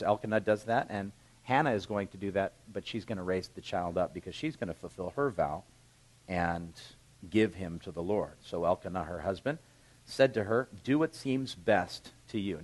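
A middle-aged male pastor preaching a sermon, reading scripture aloud and then explaining it in a relaxed, conversational way. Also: fairly low pitch, low-quality recording.

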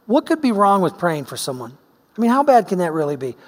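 A man's voice: sits high, a little fast, in a large hall. A middle-aged man from Oregon preaching a sermon, telling a personal story and acting out the voices in it. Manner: animated storyteller, acts out voices. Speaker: pastor.

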